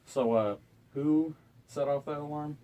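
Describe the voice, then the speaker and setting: A man's voice: fairly high pitch, a little slow, warm tone, a little hiss or hum. A young man and college student ranting to camera in his dorm room, exasperated and profane. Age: young adult. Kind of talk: ranting vlog.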